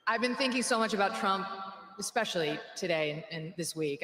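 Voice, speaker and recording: A woman's voice: medium pitch, animated, brisk, a bit bright. A woman giving a sarcastic, mocking political rally speech in a large hall. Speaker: rally speaker. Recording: echoey hall, faint background noise.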